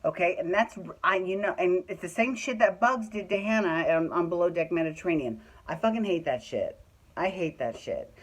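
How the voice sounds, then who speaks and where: A woman's voice: fairly low pitch, low-quality recording. A woman recapping a reality show in a chatty, opinionated way, swearing freely. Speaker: recap vlogger.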